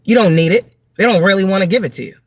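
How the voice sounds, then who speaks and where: A woman's voice: mid-range voice, quick pace, slightly rough, no room sound. Blunt, cussing woman tarot reader preaching to her viewers, dry close sound. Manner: emphatic, repeats words for stress. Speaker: tarot reader and spiritual advisor. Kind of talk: livestream tarot reading monologue.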